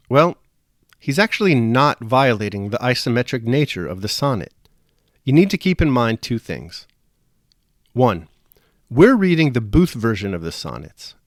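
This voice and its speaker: A male instructor explains poetry with measured, dryly witty phrasing. His pitch moves up and down a lot as he lectures. The sound is close and dry, with no room around it. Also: no echo. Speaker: teacher. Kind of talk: scripted video lecture.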